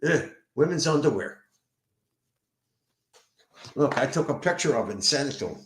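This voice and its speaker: A man's voice: medium pitch, moderate pace. Profane Philadelphia man venting in a roomy echo. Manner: profane, animated storytelling. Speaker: sober house manager. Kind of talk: casual venting monologue. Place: indoors at home.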